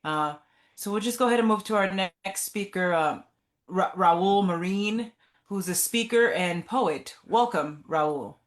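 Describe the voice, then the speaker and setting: A woman's voice: medium pitch, unhurried. A woman hosting an online conference, introducing the next speaker with brief, hesitant words over a video call. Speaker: conference host.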